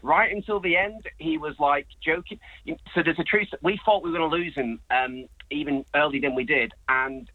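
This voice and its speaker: A priest calling into a radio show, chatting lightly and with humor in a slightly high voice. The phone line is tinny and dry, with no room sound. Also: male voice, moderate pace, dry recording.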